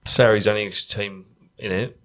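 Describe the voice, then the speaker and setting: A man's voice: lowish voice, steady tone, fairly quick. A man guest on a podcast, chatting casually with dry, blunt quips. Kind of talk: casual banter.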